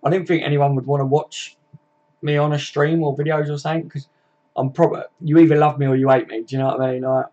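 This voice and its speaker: A man's voice: on the high side, level tone, fast talker, warm tone. A man with a Scouse accent chatting bluntly on a live fan stream, reading viewers' comments out and swearing freely. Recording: dull lo-fi stream audio.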